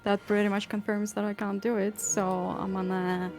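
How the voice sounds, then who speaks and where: A woman playing a tabletop game, calmly calling out her rolls. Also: medium pitch, normal speed, over music. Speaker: player. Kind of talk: casual play at the table.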